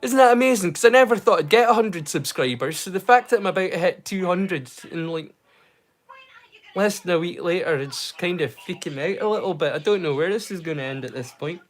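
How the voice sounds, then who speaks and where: A man's voice: high-pitched, fairly quick. A man hosting a casual livestream, talking in hesitant bursts full of fillers and restarts, with a mild stammer he keeps hidden. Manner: excitable, animated bursts. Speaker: livestream host.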